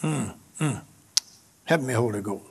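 A man's voice: sits high, lively intonation, normal speed, fairly bright tone. A male pastor, preaching a sermon that swells in emphasis, with repetition and calls out to the congregation.

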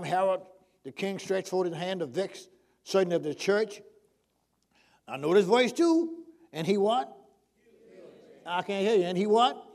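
A male preacher delivering a sermon, prodding the congregation with call-and-response questions. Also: high-pitched.

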